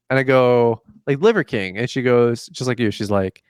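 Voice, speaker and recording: Young guy hosting a podcast, chatty and animated, smooth voice, dry sound. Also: mid-range voice, normal speed, hardly any pauses, dry recording. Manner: animated storyteller, acts out dialogue, says "like" often. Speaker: podcast host. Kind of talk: casual chat.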